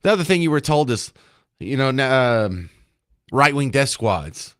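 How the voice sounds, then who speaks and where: A man's voice: mid-range voice, very animated, unhurried, fairly bright tone. Sarcastic combative talk radio host man. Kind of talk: opinionated talk radio monologue. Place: radio studio.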